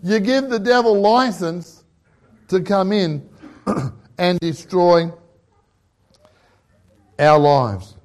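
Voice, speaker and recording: A man's voice: high voice, drawn-out words, long pauses. A middle-aged Australian man preaching a sermon, telling jokey stories and laughing at his own lines. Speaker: pastor.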